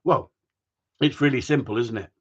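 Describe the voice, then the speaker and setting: A man's voice: mid-range voice, normal speed, husky. Male dog trainer, live-stream host; rambling, sweary rants over muffled stream audio. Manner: chatty, ranting, swears casually. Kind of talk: casual live-stream chat reading viewer comments.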